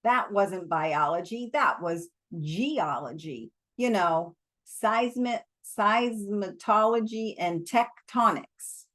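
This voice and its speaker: Brief: woman reading as a joking young man, wry banter, unhurried. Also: mid-range voice, animated, a bit bright.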